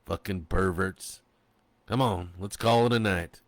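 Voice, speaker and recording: A man's voice: low voice, a little slow, dry recording. A man doing a callous small-town sheriff. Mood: gruff dismissive.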